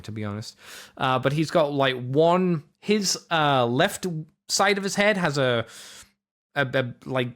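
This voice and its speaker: Rambling man with a slightly high voice. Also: fairly bright tone. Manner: rambling, many fillers and self-corrections; jokey, offhand asides. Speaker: podcast host. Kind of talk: casual toy review chat.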